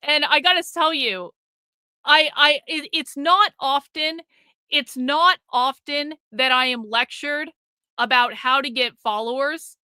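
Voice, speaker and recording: A woman's voice: high-pitched, pushed and bright, dry recording. A woman hosting a live stream, ranting in a profane, combative way with a sarcastic, mocking edge, stopping to read and thank viewers' super chats.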